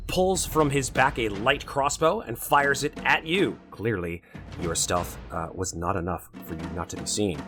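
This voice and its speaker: A man narrating a tabletop game as dungeon master in a lively, animated way. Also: mid-range voice.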